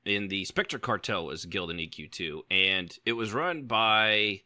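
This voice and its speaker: A man's voice: lowish voice, measured pace, bright, forceful tone, dry recording, studio quality. A man hosting a casual podcast panel, telling long rambling stories. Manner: rambling storyteller. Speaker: podcast host.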